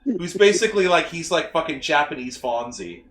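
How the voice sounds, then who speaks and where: A man's voice: a little high, expressive, moderate pace, a bit bright, echoey room. A man co-hosting a podcast in casual chat, sarcastic and emphatic as he rants. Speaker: podcast co-host.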